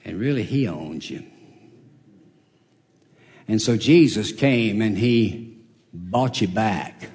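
A man preaching a storytelling sermon, folksy and animated, acting out the characters in his story. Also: slow pace, pauses often. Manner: folksy, animated, acts out characters with big pitch jumps. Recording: long reverb of a large hall.

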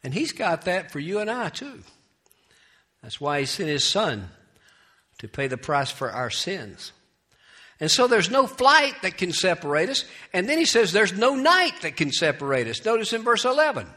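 A male pastor with a bright, forceful tone, preaching a sermon. He moves between quiet, folksy asides and loud, emphatic scripture reading. He often restarts his phrases. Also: sits high, very animated, normal speed.

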